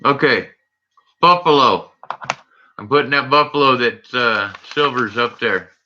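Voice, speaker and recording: A man's voice: medium pitch, measured pace, sharp tone, muffled recording. A man hosting a casual livestream, chatting nervously and jokingly with his viewers. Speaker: livestream host.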